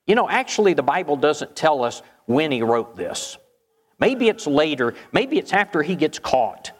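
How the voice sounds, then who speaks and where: Male preacher, raised pitch, storytelling sermon, long reverb tail. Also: big pitch swings, normal speed. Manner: storytelling with rhetorical questions.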